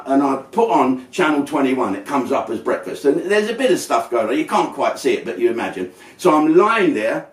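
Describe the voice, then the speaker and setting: A man's voice: mid-range voice, recorded from a distance. A man telling a crude, brash comic story, acting out the people in it. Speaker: comedian. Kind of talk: stand-up storytelling. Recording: roomy and off-mic.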